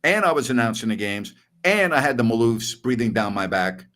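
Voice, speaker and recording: A middle-aged man and sports radio host telling a story in casual podcast chat, animated and acting out voices. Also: medium pitch, brisk.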